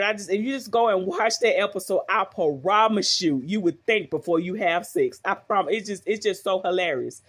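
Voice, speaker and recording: A woman's voice: mid-range voice, moderate pace, few pauses, a bit bright. A middle-aged woman talks straight to her viewers in a loose, rambling way. She is recorded on a phone at home and keeps turning to them with questions. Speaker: vlogger. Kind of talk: casual talk to viewers.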